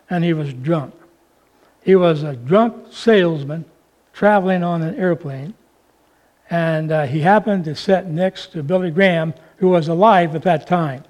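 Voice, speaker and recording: A man preaching a sermon, with slow, emphatic, drawn-out phrasing. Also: high-pitched, a little mellow.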